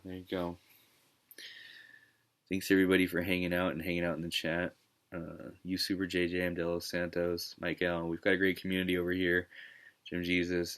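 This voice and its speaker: A man's voice: sits low, fairly bright tone, poor audio. A man streaming a game live, ranting casually with lots of swearing and exasperation. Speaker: gaming streamer.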